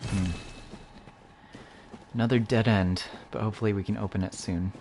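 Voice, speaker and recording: A man talks casually through a game playthrough, joking and reacting aloud as he goes. His voice sits lowish with a gravelly, creaky grain. The recording is noisy, with game ambience behind him. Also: fairly even intonation, normal speed, a little mellow. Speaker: streamer. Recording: noisy stream audio.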